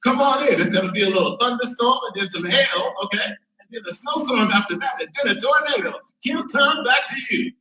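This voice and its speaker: Breezy TV weatherman done by a man, bright and high, rattling off the forecast. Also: expressive, fairly quick, exaggerated voice. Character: breezy male TV weatherman listing storms. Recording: roomy, from far mic.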